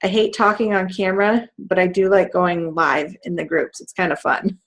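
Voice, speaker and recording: A woman's voice: fairly low pitch, steady tone, normal speed. A woman in her thirties, a fitness team coach, chatting casually on a team call with many fillers and laughs.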